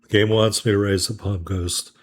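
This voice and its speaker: A man's voice: on the low side, steady tone, moderate pace. A tired, yawning man hosting a gameplay video, chatting casually with apologetic asides to his viewers. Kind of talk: casual let's play commentary.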